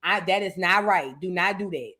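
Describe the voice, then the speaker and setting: Bright-voiced, animated woman commentator. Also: on the low side, normal speed. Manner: animated, playful, dramatic, breaks into singing. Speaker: host of a reaction show. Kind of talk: casual commentary.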